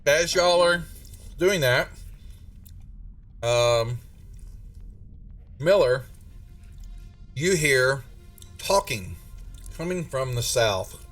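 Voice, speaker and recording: A man's voice: mid-range voice, expressive, extremely slow, pauses often, fairly bright tone. Man, game master, rambling narration, distant mic, faint music behind. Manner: rambling, full of restarts.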